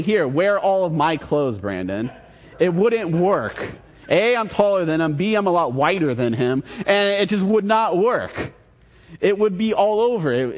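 A man preaching a casual sermon, retelling a Bible story in an easy conversational way with quoted dialogue. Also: fairly high pitch. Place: church hall. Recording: long reverb in a large hall.

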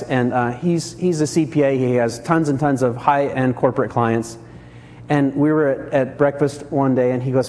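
Animated preaching man in a reverberant hall. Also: sits high. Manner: animated storytelling, acts out characters. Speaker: pastor. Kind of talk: sermon.

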